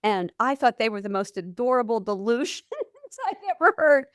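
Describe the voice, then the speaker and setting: A middle-aged nurse hosts a conversational interview podcast, asking questions and sharing anecdotes from her nursing work. Her fairly high voice is animated, clear and resonant at a moderate pace, recorded at studio quality with no echo.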